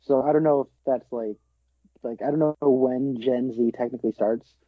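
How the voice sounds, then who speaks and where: A man's voice: mid-range voice, fairly even intonation, no room sound, phone-quality sound. Dry-sounding young man, chatty. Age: 20s. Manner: chatty, quick to laugh. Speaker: podcast co-host. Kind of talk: casual film review chat.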